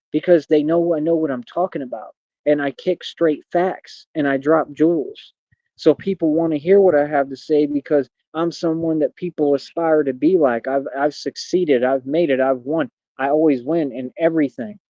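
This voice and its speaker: A man rants on his livestream, boastful, defiant and mocking. His voice sits fairly high yet sounds mellow and warm. The audio is dry and lo-fi. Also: no room sound. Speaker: livestream host. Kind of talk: unscripted ranting monologue.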